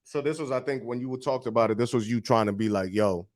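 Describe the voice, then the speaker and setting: A man's voice: medium pitch, fast talker. A man co-hosting a podcast in casual chat, laid-back and slangy, chiming in often. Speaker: podcast co-host.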